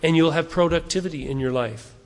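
Man preaching a sermon in a big hall. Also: fairly high pitch. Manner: earnest, conversational preaching with acted-out arguments; softens and slows into prayer at the close. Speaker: pastor.

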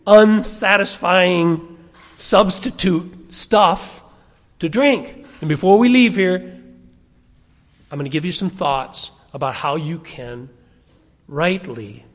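A middle-aged man preaching a sermon to a congregation, asking them questions and having them turn to verses. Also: on the high side. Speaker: pastor. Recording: long hall reverb.

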